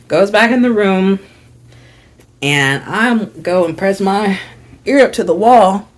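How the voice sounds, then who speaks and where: A woman's voice: medium pitch, slow, long pauses. Gossipy young woman telling a story. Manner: frank, gossipy, swears freely; animated storytelling with acted quotes. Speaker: vlogger. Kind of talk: storytime vlog.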